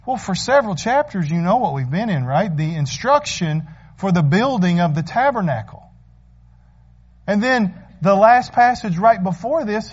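A man's voice: high-pitched, highs cut off. A man preaching a sermon as pastor, earnest and asking the congregation rhetorical questions.

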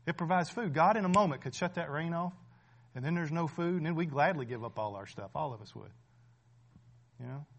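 Emphatic preacher with a high voice. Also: male voice. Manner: emphatic, keeps asking "right?", laughs between points. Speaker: pastor. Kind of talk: sermon.

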